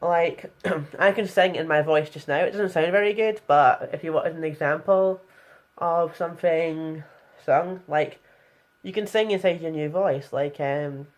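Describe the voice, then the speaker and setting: A woman's voice: low-pitched, a little slow. A young woman talking frankly in a casual vlog tutorial, chatty and blunt, with plenty of fillers. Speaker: vlogger.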